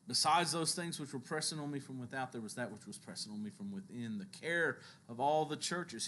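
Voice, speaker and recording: Man preaching with animated storytelling. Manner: animated storytelling, acting out biblical quotes with shifts in pitch and loudness; chuckles between stories. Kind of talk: sermon.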